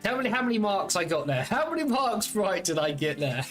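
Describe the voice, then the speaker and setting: A man's voice: high voice, sing-song, a little fast, a bit bright, soft background music. A man streaming a game, chatting casually with viewers in a playful, teasing, rambling way full of fillers and restarts.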